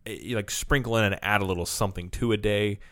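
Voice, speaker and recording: A man's voice: on the low side, fairly even intonation, quick pace, fairly bright tone, dry recording. A man co-hosting a casual chat full of theme park tips, rambling with fillers. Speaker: co-host.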